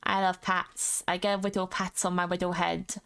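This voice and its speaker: A woman's voice: fairly low pitch, little pitch movement, moderate pace, creaky, a bit bright. A woman with a British accent chatting casually while streaming a game, playful and rambling, now and then singing along. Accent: British English. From United Kingdom. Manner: chatty and playful, sings along, slips into silly voices. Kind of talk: casual chat while gaming.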